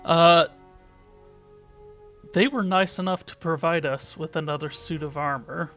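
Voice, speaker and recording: A man's voice: on the high side, fairly even intonation, unhurried, sharp tone, dull audio, soft background music. A man giving casual gameplay commentary as a let's play host, joking and irreverent, thinking aloud. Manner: joking, irreverent, talks to himself.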